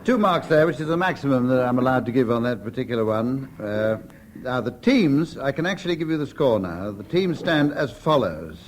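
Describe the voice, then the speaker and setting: A man chairing a radio comedy panel show in a dry, deadpan quizmaster manner. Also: medium pitch, normal speed, a crowd in the background. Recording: noisy 1970s radio broadcast.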